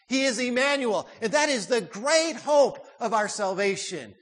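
A man preaching a sermon, swinging from loud emphatic peaks to hushed, quiet phrase endings. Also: very high-pitched, animated, a little slow, few pauses.

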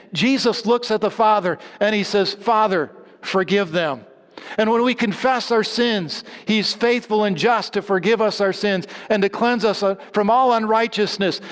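A man's voice: sits high, fairly bright tone. A man preaching a sermon as pastor, earnest, building through repeated refrains with some restarts. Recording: long hall reverb.

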